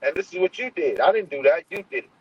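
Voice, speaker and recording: A man vents on a livestream, profane and confrontational, full of fillers and restarts. His voice sits a little high and sounds husky. The stream audio is muffled and lo-fi. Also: very animated, fast, dry recording. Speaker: livestream host. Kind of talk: heated livestream monologue.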